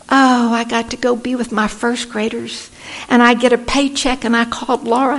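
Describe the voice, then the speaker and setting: This Texan woman shares her story at a recovery meeting in an earnest testimony, acting out the voices of those she quotes. She has a fairly high pitch and speaks at a moderate pace.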